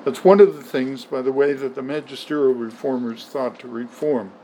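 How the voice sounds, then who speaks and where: A man's voice: mid-range voice, moderate pace, mellow, a little hiss or hum, rough recording. A man preaching a sermon in an emphatic way, often repeating words for stress. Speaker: pastor.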